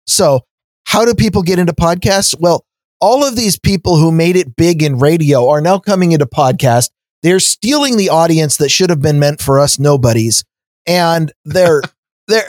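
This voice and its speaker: A man's voice: a little high, a little mellow, no room sound. A man co-hosting a podcast, ranting in a casual chat with many fillers and restarts. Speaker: podcast co-host.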